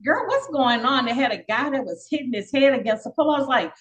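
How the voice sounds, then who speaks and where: An older woman, a podcast guest, telling her life story in a casual, lively way and acting out the voices of people she quotes. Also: high-pitched, quick pace, low-quality recording. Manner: lively, acts out quoted dialogue; frequent fillers and repeats.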